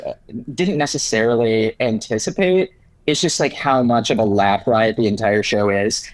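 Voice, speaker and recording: A man's voice: medium pitch, dry recording, poor audio. A young man, an actor guest on a podcast, chatting in a bubbly way and laughing often. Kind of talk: casual interview chat.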